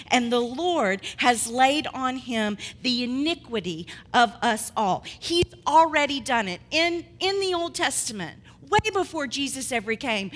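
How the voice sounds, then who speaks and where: A woman preacher delivering a sermon, swinging between loud proclamation and quiet asides. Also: high-pitched. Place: church hall. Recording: long hall reverb.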